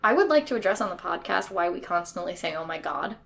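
Giggly excitable young-sounding woman. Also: on the low side, gravelly. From New York, USA. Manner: giggly, excitable, quick reactions. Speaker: podcast co-host. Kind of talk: casual podcast chat.

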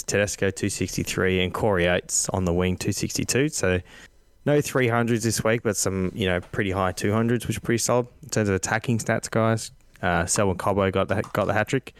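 A man's voice: on the low side, clean tone, dry recording. A man co-hosting a podcast, casually running through sports stats with a few fillers. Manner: relaxed, lists numbers with fillers. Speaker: co-host.

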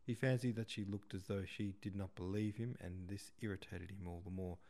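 Man reading a classic novel aloud, low dark gravelly voice, steady pace. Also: a little fast. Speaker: podcast host reading a novel. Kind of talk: audiobook narration.

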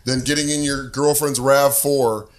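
A man's voice: medium pitch, measured pace, background noise. A man hosting a podcast, telling a story in casual chat, acting out voices and swearing. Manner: animated, acts out voices, swears. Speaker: podcast host.

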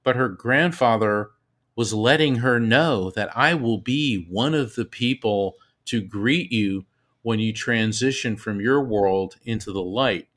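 A man, a medium, telling stories as a guest in an interview, animated and often repeating himself. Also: lowish voice, unhurried. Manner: animated storyteller, repeats words, laughs often. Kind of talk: storytelling in an interview.

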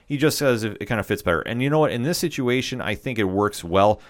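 A man's voice: medium pitch, animated, quick pace. A man co-hosting a casual podcast chat, talking at length in an enthusiastic, opinionated way. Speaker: podcast co-host. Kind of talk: casual chat about wrestling.

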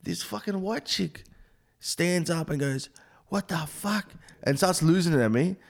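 A young adult man, a comedian guest on a podcast, telling animated stories bluntly and swearing constantly. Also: a little high, normal speed, creaky. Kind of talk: casual podcast chat, storytelling.

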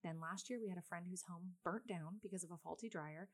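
Chatty woman with a lowish voice. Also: fairly quick. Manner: chatty and rambling, many fillers; self-described very loud person. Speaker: mother telling a personal story. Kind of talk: casual vlog storytelling.

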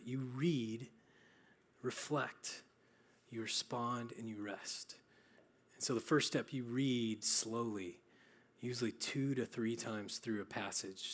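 A young man giving an earnest, practical sermon, often pausing with fillers and restarting his phrases. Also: mid-range voice. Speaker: preacher.

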